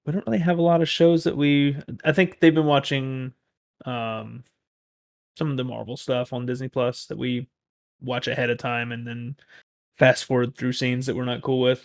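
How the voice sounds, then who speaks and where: A man's voice: mid-range voice, little pitch movement, normal speed, creaky. A man co-hosting a podcast, a parent talking casually in long rambling stories. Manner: rambling, self-correcting storyteller. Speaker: podcast co-host. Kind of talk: casual chat.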